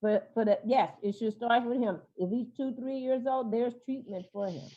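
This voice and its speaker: A woman therapist speaking as a guest in an interview, talking with frequent fillers, pauses and restarts. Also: a little high, warm tone, muffled recording. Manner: hesitant, many fillers and restarts. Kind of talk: interview talk.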